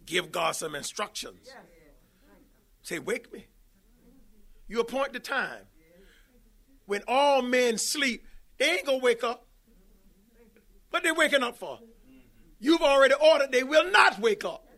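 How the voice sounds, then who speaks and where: A man preaching an emphatic sermon that rises now and then to shouts. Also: very high voice, lively intonation, unhurried, pauses often.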